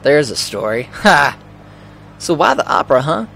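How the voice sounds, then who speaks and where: A man reading a gruff, teasing middle-aged male cop's lines while streaming a video game. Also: fairly high pitch, sing-song, normal speed, bright, forceful tone, a little hiss or hum, full character voice.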